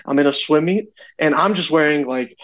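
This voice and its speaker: A man's voice: fairly high pitch, brisk. A young man, a podcast guest, telling a story in casual chat and acting out the dialogue as he goes. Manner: animated, acts out dialogue in his stories.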